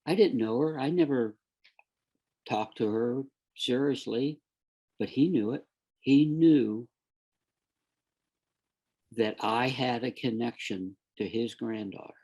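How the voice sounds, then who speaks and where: A man talks as a guest on a podcast, telling his story in an earnest, animated way and circling back over his own words. His voice has a gravelly fry, with a husky, slightly rough grain. The delivery stays conversational and unscripted. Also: medium pitch, slow, pauses often. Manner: earnest, animated storyteller who often repeats himself. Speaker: guest, forensic detective.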